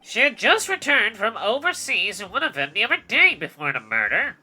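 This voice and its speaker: A woman's voice: mid-range voice, sing-song, brisk, pushed and bright, slightly rough, heavily acted. A woman doing a stiff pompous prosecutor. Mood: formal. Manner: formal, theatrical.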